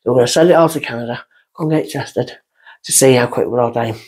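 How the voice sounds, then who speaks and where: A woman's voice: fast, slightly rough. A woman, a guest on a podcast, telling a long personal story in a rambling way and going off on tangents. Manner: lively, jumps up in pitch when excited. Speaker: guest medium. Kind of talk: casual storytelling.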